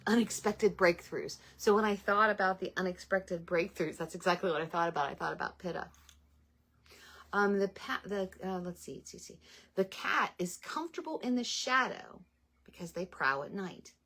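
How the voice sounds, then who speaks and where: A woman's voice: mid-range voice, expressive, normal speed, sharp tone. A middle-aged woman hosting a casual spiritual talk to viewers, chatty and meandering with many ums. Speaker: spiritual channel host.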